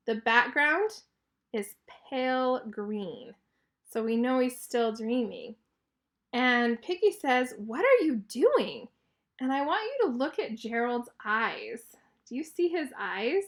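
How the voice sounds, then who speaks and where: A woman teacher reads a picture book aloud to children in a high, bright voice, stopping to explain each page. Her delivery is clear and encouraging, full of questions meant to get kids thinking.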